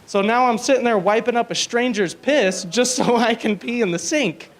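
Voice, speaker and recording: A young man with a notably high voice performs a stand-up comedy set on a small club stage, speaking into a handheld mic. His storytelling is crude and rambling, full of fillers. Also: moderate pace.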